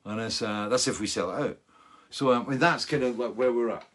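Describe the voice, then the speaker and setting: A man's voice: medium pitch, brisk, a bit bright. A Scottish man in his sixties, a musician hosting a fan Q&A show, chatting casually and rambling with lots of asides. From Scotland. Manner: loose and chatty, full of fillers and asides.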